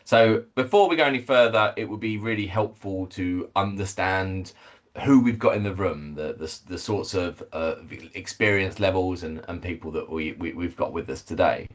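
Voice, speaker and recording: A man, head of communications, presenting a webinar over a video call, measured, with many fillers and restarts. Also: low-pitched.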